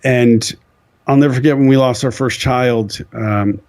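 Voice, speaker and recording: An earnest man in a mid-range voice shares a personal faith story with a guest speaker's conviction. He speaks plainly and sincerely, pausing and restarting as the story moves him. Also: mid-range voice, fairly even intonation, darkish tone. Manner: earnest, acts out quoted voices.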